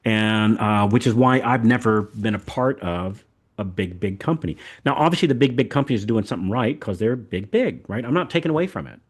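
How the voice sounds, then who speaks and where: A fairly low-pitched older man from the American South hosts a podcast, sounding animated and brisk. His talk is casual, rambling, and folksy, and he often repeats words.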